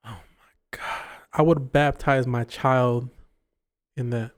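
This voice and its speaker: A young man co-hosting a podcast in casual chat, teasing his friend and cursing through lively talk about food. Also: mid-range voice, slow. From Mexican-American. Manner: profane, teasing, relishes describing food. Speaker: podcast co-host.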